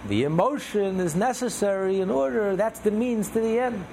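A man's voice: sits high, moderate pace, vocal fry, warm tone, a little hiss or hum. A man teaching a religious text class, explaining a passage with repeated, list-like phrases. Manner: repetitive, builds through lists of phrases. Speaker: Torah teacher.

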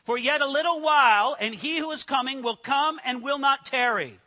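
A man preaching a sermon to a room of people, earnest and emphatic, slowing down to stress scripture quotes. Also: very high voice, sharp tone, big-room sound. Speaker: pastor. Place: church hall with an audience.

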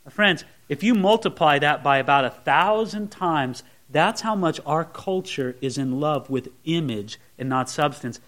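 A male pastor with a high-pitched voice preaches a sermon. He is animated and acts out the scenes, slipping into different voices as he goes. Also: a little slow, hardly any pauses.

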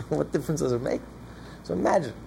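A man's voice: fairly high pitch, normal speed, creaky, slight background noise. A man teaching a Torah class to a live audience, asking questions and answering them himself with rising emphasis. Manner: animated, asks and answers his own questions.

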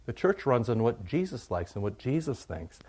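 A middle-aged male pastor giving a conversational, joking sermon, moving from quiet asides to loud, animated bursts. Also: medium pitch, normal speed, husky.

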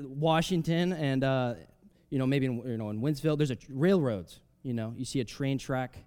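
A man preaching a sermon, reading scripture aloud and explaining it in a conversational way, swinging between loud emphatic rises and soft drops. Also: medium pitch. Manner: reads scripture aloud, then explains it casually with fillers.

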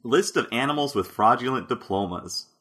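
A man's voice: medium pitch, lively intonation, normal speed, sharp tone, slightly rough. A man hosting a casual podcast quiz, playful and often laughing as he reads out answers. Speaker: podcast host running a quiz. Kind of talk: casual comedic chat.

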